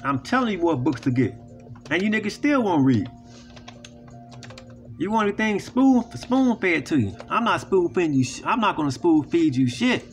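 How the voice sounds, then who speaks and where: A man's voice: sits high, very animated, normal speed, soft background music. A man with hosting a video, talking straight to viewers in a blunt, preachy, profane way and often asking "you know what I'm saying". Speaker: video host. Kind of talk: casual monologue to viewers.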